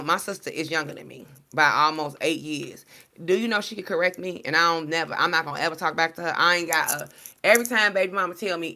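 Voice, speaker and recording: Blunt, profane woman with a forceful voice. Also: lowish voice. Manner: blunt, profane, slang-heavy and animated; storytelling, addressing followers as y'all. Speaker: tarot card reader. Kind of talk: casual direct-to-camera monologue.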